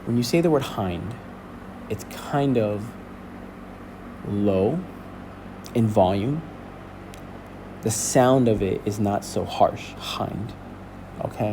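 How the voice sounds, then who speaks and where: A male teacher walking a class through a lesson, explaining slowly and checking in with "okay?". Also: lowish voice, background noise. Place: school building.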